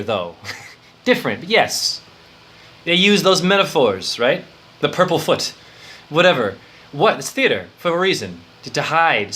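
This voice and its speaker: Excitable rambling male spiritual teacher. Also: on the high side. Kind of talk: improvised esoteric lecture.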